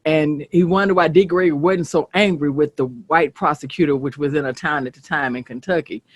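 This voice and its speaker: A host from the American South, chatting casually, telling stories bluntly and swearing freely. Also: female voice, low voice, a little fast. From Southern United States. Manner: animated, blunt, swears freely, asks "you get what I'm saying". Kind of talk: casual storytelling chat. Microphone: streaming setup.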